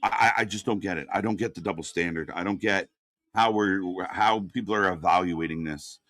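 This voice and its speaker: A man's voice: low-pitched, brisk, a bit bright, no room sound. A man doing unscripted live watch-party commentary, ranting and swearing in exasperation.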